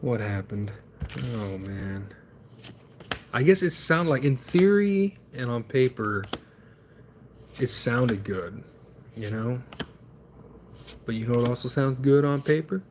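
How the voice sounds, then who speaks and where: A man's voice: medium pitch, lively intonation, slow pace, pauses often, slight background noise. A man streaming himself opening trading card packs, chatting in a rambling, wry, self-deprecating way.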